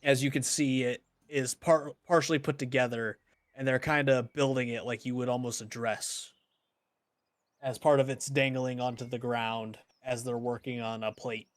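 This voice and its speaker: A man narrating a tabletop game as game master in a plain, halting way, with frequent ums and restarts. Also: mid-range voice, fairly even intonation, no room sound. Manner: refuses to do character voices.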